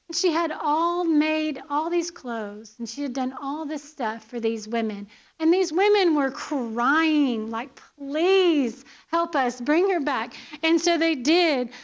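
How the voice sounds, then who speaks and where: A woman's voice: high-pitched, lo-fi sound. A woman teaching a Bible lesson in church, earnest, asking her listeners pointed questions and often checking in with "okay?".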